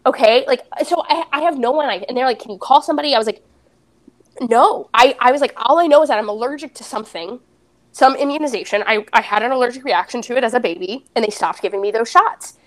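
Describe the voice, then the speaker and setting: A woman's voice: a little high, fast talker. A young adult woman, a podcast guest, candidly retelling a personal story and acting out the dialogue.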